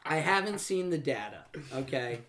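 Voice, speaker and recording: A man's voice: fairly high pitch, moderate pace, slight background noise. A man hosting a podcast in casual chat, joking and swearing freely. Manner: joking, profane, animated. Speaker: podcast host.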